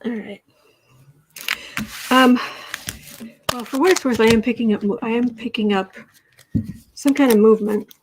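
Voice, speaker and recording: A woman's voice: on the high side, fairly even intonation, moderate pace, long pauses, noisy background. A woman hosting a tarot livestream, chatting casually and reading out viewer comments. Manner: soft-spoken, cooing to a pet cat between readings. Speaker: tarot reader and livestream host.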